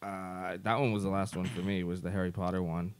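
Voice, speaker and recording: A man's voice: sits low, flat delivery, a little fast, smooth. A young man co-hosting a podcast in casual chat, rambling, swearing a lot and laughing often. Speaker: podcast co-host.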